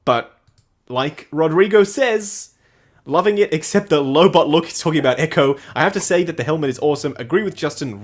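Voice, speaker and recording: A man's voice: fairly high pitch, lively intonation, normal speed. A man co-hosting a casual livestream, chatting with enthusiasm and reading out viewer comments. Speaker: livestream co-host.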